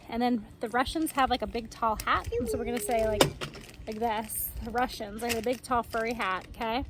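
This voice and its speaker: A woman with a fairly high voice leads a relaxed homeschool lesson and talks her listeners through songs and motions. She chats along, fills gaps with little fillers, and acts out her examples. Faint room noise sits under her voice. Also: fairly quick. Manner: chatty, explains with fillers and acted-out examples. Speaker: homeschool teacher. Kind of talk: casual teaching of memory songs and motions.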